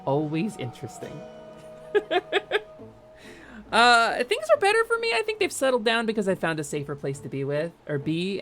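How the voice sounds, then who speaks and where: Gravelly North Jersey woman streamer. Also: low voice, fairly bright tone. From North New Jersey, United States. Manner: frank, rambling, many fillers and restarts. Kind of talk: candid chat during a game stream.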